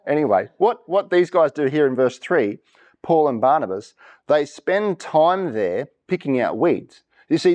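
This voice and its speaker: A man preaching a sermon, reading verses and quizzing the congregation for reactions. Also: a little high. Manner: lively, asks congregation for reactions. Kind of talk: interactive sermon. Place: church.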